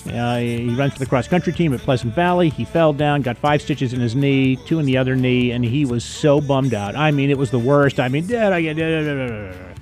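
A man's voice: medium pitch, darkish tone, soft background music. A man hosting a talk show, chatting casually and restarting his sentences often. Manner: halting, restarts often, affirming. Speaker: radio talk show host. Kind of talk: casual interview chat.

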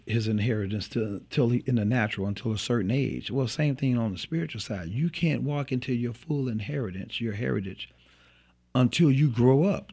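Fervent male preacher, husky voice. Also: mid-range voice, a little mellow. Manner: fervent, repeats words when building a point. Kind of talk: preaching on a faith program.

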